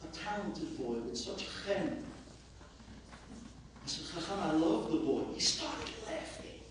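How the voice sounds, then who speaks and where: Man, rabbi, eulogy, impassioned, shouts then hushes, distant mic, faint background noise. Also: a little high, lively intonation, unhurried. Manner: impassioned, swings between shouting and hushed speech. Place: large hall at a memorial gathering. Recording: very echoey hall, voice far from the mic.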